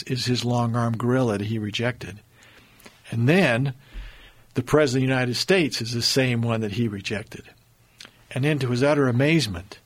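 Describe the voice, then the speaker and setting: A man of middle pitch tells a historical story in an easygoing conversational way. He leans into key moments with rising emphasis and often restarts his sentences. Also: slightly rough. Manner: earnest, builds emphasis, frequent restarts.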